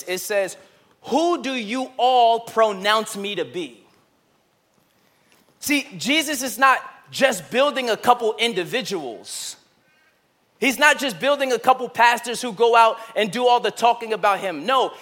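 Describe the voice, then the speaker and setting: A male pastor preaching a sermon, moving between loud emphatic bursts and hushed, slow, intimate passages. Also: very high-pitched. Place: church sanctuary.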